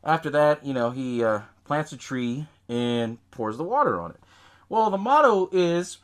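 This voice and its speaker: Man host, loose and swearing film recap, animated ups and downs in pitch. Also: unhurried. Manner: rambling, profane, laughs at own retelling. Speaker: podcast host. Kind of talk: casual movie recap.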